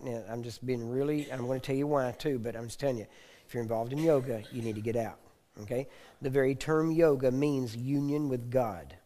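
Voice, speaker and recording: A man's voice: mid-range voice, mellow. A middle-aged man with a Texan accent, teaching a session in a conversational, joking manner and often checking in with the listeners. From Texas. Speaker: ministry teacher.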